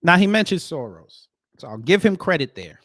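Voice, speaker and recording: A man hosts casual reaction commentary and talks straight to his viewers. His pitch rises and falls a great deal as he moves from loud emphatic lines to quiet muttered asides. The sound is close and dry, with no room around it. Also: big pitch swings, moderate pace, no room sound. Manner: addresses viewers directly as folks. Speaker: commentary host.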